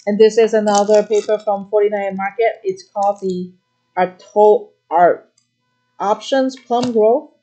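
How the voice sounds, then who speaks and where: A middle-aged woman runs a live craft demo, chatting quickly about the products in front of her. She talks in fast, eager bursts, trailing into fillers and restarts as she explains how each item works. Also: mid-range voice, steady tone, mellow. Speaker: craft shop host.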